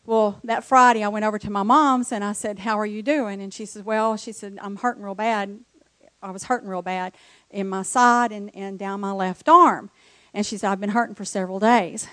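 A woman's voice: medium pitch, fairly even intonation, normal speed, a bit bright, no room sound. Woman telling a church testimony. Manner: emotional, storytelling. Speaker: church member giving testimony. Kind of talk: personal testimony.

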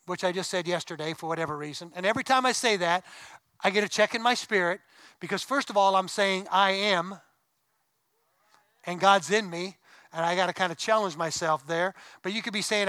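Bright, crisp-voiced male pastor preaching. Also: high voice, brisk, dry recording, poor audio. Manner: conversational preaching with asides and rising emphasis. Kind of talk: sermon. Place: church sanctuary.

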